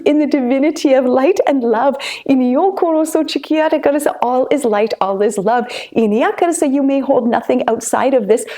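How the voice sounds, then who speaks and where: A woman delivering a channeled spiritual message. She searches for words with many pauses and fillers, and slips into chanted syllables between phrases. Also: high voice, mellow.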